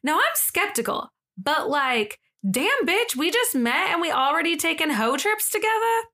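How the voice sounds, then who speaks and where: A woman's voice: very high voice, sing-song, normal speed, bright, forceful tone, voice pushed up, full character voice. A woman voicing a brash, sassy young woman with an exaggerated Southern accent, reading a story in an over-the-top, emphatic way. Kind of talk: dramatic reading of a social media thread.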